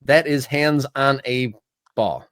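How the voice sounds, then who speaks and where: Casual, filler-heavy sports talk co-host. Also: male voice, mid-range voice, takes it slowly, dry recording, clean studio sound. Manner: casual, many "like" fillers, animated. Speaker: podcast co-host. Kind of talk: sports talk show discussion.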